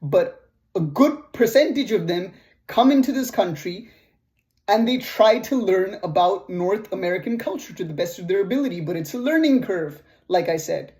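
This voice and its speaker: A man's voice: high voice, moderate pace. Blunt Canadian man telling a story. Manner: blunt and profane, animated. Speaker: vlogger. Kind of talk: casual storytelling vlog.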